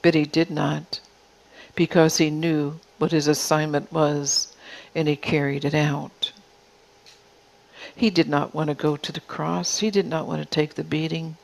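A woman's voice: low-pitched, steady tone, a little slow, vocal fry, poor audio. A woman preacher delivering a prophetic sermon in God's voice, pressing her listeners with repeated questions. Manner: insistent repeated rhetorical questions.

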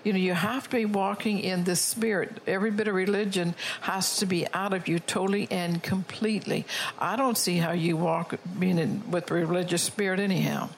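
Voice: mid-range voice, steady tone, brisk, a little hiss or hum, rough recording. Preacher reading prophecy to a congregation. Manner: reads prophecy and scripture aloud, often checks in with "all right?". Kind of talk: sermon.

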